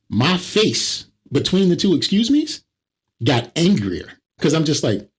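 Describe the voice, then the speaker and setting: A man co-hosting a comedy podcast, telling stories in an animated way and mimicking the people in them. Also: fairly high pitch, unhurried, slightly rough. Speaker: podcast co-host. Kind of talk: casual comedic chat.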